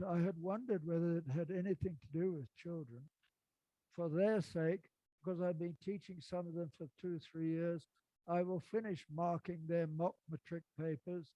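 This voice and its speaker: A man, reading poems and telling an anecdote with lively, acted-out dialogue. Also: fairly high pitch, normal speed, dry recording, low-quality recording. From England. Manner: dramatic, animated storytelling with acted dialogue. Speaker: storyteller and poet.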